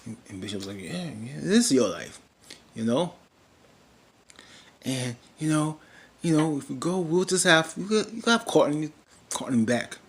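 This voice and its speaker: A man's voice: on the high side, lively intonation, normal speed, pauses often, fairly bright tone. A man casually recapping a TV drama episode, rambling with many fillers and restarts and briefly mimicking characters.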